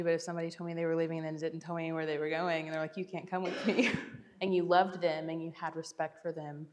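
Girl in her 20s doing a church bible talk, kinda low voice, laughs a lot, self-deprecating. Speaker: church speaker. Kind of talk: casual Bible teaching talk.

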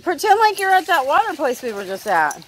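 A woman's voice: sing-song, brisk. Woman coaxing her dogs by a pool. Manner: cheerful, high-pitched coaxing baby talk to dogs. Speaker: dog owner filming her pets. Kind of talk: casual vlog chat and coaxing pets. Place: outdoors by a pool. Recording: loud outdoor noise.

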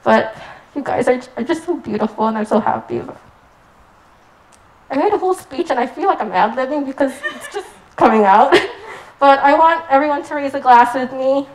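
A woman's voice: high voice, animated, moderate pace, poor audio. A young woman from the United States giving a rambling, giggly wedding toast with lots of "like.". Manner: giggly, rambling, says "like" often.

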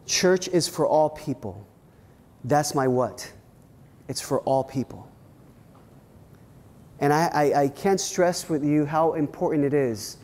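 A male pastor telling church stories in an animated, restart-filled way. His voice sits a little high but sounds mellow and soft-edged. The room rings with a long hall reverb. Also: slow, pauses often. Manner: animated storytelling with many restarts. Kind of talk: workshop talk with personal stories. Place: church hall at a leadership weekend.

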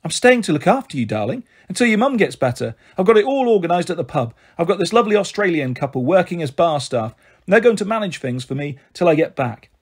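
A man's voice: sits high, very animated, quick pace, slightly rough, heavily acted. A man voicing a hearty, frank middle-aged aunt who runs a pub, in a raised voice. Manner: warm, jolly, frank. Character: hearty big-hearted woman pub landlady aunt, bustling.

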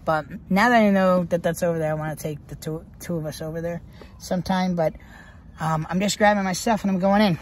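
A woman's voice: on the low side, steady tone, a little fast, slight background noise. Blunt, foul-mouthed American woman vlogging. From United States. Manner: blunt, heavily profane, talks straight to viewers. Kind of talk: casual vlog talk to camera.

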